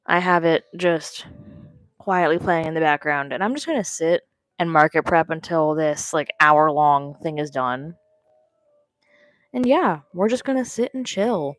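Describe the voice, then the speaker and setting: A woman's voice: deep voice, measured pace, no room sound, low-quality recording. A young woman with a morning voice, chatting in an offhand, rambling way while she crochets along on a wearable mic. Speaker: crochet maker and seller. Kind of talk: casual work-along livestream chat. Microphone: wearable microphone.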